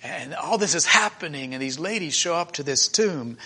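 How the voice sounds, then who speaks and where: A man's voice: a little high, animated, normal speed, sharp tone, breathy edge. A man preaching in a church meeting, retelling a scripture story in an emotional, conversational way with many restarts.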